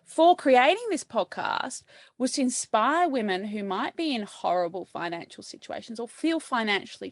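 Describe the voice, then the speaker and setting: A woman's voice: medium pitch, dry recording, clean studio sound. A woman hosting her podcast in a conversational interview, chatty, with self-deprecating asides. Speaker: podcast host.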